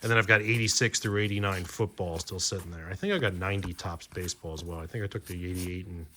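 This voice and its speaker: A man's voice: low-pitched, fairly even intonation, fast, sharp tone, a little hiss or hum. A man chatting loosely on his card-collecting channel, rambling with fillers and restarts as he sorts through old boxes. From Maryland, US. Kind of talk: casual chat while opening cards.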